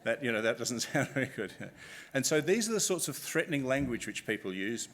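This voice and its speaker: A man's voice: medium pitch, brisk. Chatty man giving a talk. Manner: lively, chatty, asks the audience questions. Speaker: presenter. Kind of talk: live public talk. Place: conference room with live audience.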